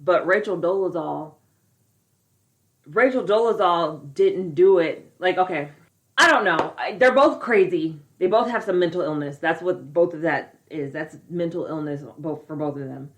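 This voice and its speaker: A woman with a lowish voice co-hosts a casual podcast chat. She is outspoken and incredulous, often swearing as she reacts. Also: moderate pace. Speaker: podcast co-host.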